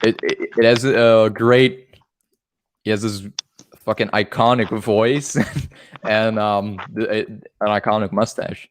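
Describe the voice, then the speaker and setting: A man's voice: fairly low pitch, flat delivery, slow pace. A man hosting a casual livestream, chatting about horror movies with lots of laughter and swearing. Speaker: livestream host.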